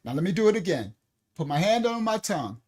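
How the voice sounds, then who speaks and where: A man teaching a congregation in a preaching style, emphatic and repetitive, building to loud exhortation. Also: sits high, sing-song, fast, slightly rough. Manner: emphatic, repeats words, rises to loud exhortation. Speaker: teacher of a ministry.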